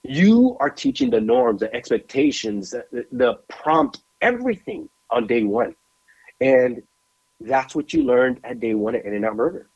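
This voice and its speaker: A man co-hosting a podcast, telling a lively story with emphatic repetition into a studio mic. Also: mid-range voice, a little slow, slightly rough, lo-fi sound. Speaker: podcast co-host. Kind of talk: animated storytelling chat.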